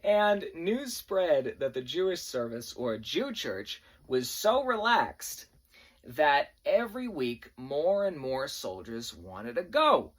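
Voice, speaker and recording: A young man from New York, an army veteran, telling wry stories about basic training in a casual, animated way. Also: fairly high pitch, takes it slowly. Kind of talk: casual spoken storytelling.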